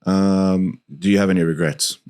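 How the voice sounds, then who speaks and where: A man's voice: deep voice, flat delivery, moderate pace, darkish tone, clean tone. A man hosting a podcast, laid-back and supportive, asking questions and offering short affirmations. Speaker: podcast host. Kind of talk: casual interview chat.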